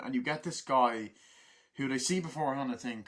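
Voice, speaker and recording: A man giving a casual spoken film review, rambling and swearing, often breaking into loud shouted quotes from the film. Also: medium pitch, moderate pace.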